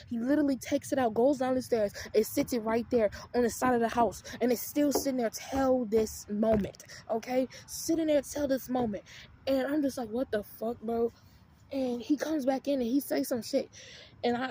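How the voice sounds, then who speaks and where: A woman's voice: a little high, mellow, slightly rough. A woman vlogger heatedly retelling a family fight in a profane, emphatic storytime rant.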